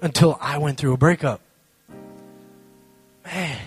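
Young guy talking to a crowd, kinda high voice, jokes at his own expense, acts out the voices in his story, bit of music under it. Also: slow. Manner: lively, acts out both sides of the story; casual, self-mocking humor. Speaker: speaker addressing a live audience. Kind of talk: animated storytelling talk.

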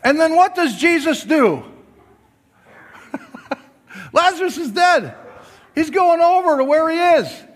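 Male pastor, high-pitched, sermon delivery with big loud-to-soft swings and light jokes to the congregation. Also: sing-song, slow, pauses often, in a large hall. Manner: swings from loud emphatic preaching to soft quiet asides. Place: church before a congregation.

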